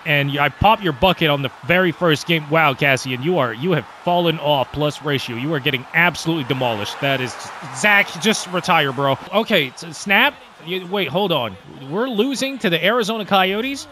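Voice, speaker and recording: A man hosting a gaming video, giving excitable, trash-talking gameplay commentary that swings between loud hype and low muttering. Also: a little hiss or hum.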